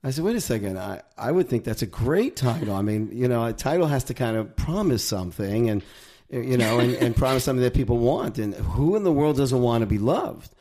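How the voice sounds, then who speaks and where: A man speaks as a rabbi and author in an interview, in a reflective, gently teaching way. His voice is mellow and dark, and his pitch sits in the middle range. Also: sing-song, a little fast. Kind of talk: conversational interview.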